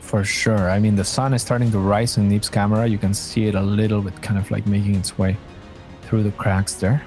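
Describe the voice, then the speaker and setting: A man's voice: on the low side, level tone, brisk, a little mellow, faint music behind. A man casting a live strategy game match, talking in a loose, chatty way with lots of fillers and easy laughs. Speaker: esports caster.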